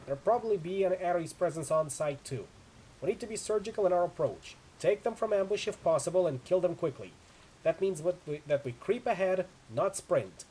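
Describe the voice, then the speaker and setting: A man's voice: a little high, expressive, fast, a little mellow, breathy edge, low-quality recording. A man voicing a tough female mercenary leader in a video game, giving clipped, urgent orders. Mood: urgent, commanding.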